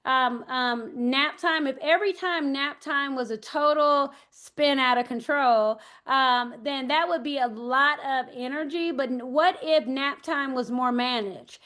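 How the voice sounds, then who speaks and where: A woman's voice: high-pitched, unhurried, hardly any pauses, bright, forceful tone. An older woman, an early childhood educator, giving a parent workshop talk, hesitant and thinking aloud as she tells anecdotes.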